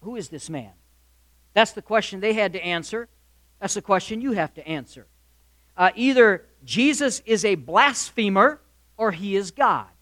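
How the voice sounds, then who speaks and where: A high-voiced man preaching with a bright, ringing tone, close and dry on the mic. He speaks straight to the congregation and throws out rhetorical questions. His delivery swings between loud, emphatic declarations and hushed asides. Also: expressive, moderate pace, dry recording. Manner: addresses listeners directly, asks rhetorical questions. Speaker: pastor. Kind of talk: sermon. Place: church or hall with live congregation.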